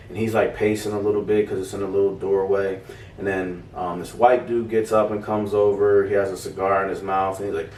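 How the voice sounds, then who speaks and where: A man's voice: sits low, fairly quick, a little hiss or hum. A young adult man co-hosting a podcast, telling a story in casual chat, swearing freely and acting out the voices of people in it. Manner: animated, swearing, acts out quoted voices. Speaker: podcast co-host. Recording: roomy, distant mic.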